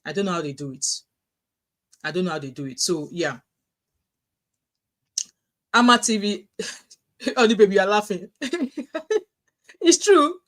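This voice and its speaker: A middle-aged woman with a Nigerian accent, chatting casually on a livestream, telling animated stories and reading out viewer comments. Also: on the low side, moderate pace, long pauses. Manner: animated storytelling with frequent restarts, reads out chat messages.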